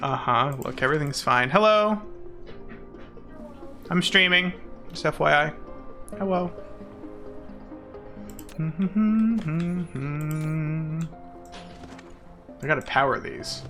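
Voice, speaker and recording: Guy streaming a game, bright gravelly voice, goofy and braggy, laughs a lot, faint music behind. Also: on the high side, lively intonation, very slow, pauses often. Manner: playful, mock-boastful, laughs often. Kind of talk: casual live-stream commentary while playing.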